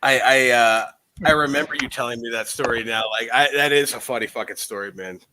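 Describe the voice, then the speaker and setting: A man's voice: mid-range voice, brisk, pushed and bright, rough recording. A man co-hosting a podcast, chatting bluntly and casually with plenty of swearing. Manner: blunt, profane, candid. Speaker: podcast co-host. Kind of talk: casual chat.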